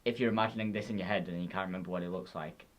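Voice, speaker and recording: A man's voice: low-pitched, steady tone, rapid-fire. A young man co-hosting a podcast, chatting casually and joking between impressions. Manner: jokey, giggly, tries impressions. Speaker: podcast co-host. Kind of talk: casual chat.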